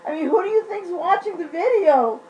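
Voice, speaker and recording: A woman's voice: very high voice, lively intonation, a little fast, lo-fi sound, slight background noise. A woman vlogging, unwell during a flare-up, venting in a blunt, profane, exasperated rant. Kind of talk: ranting vlog.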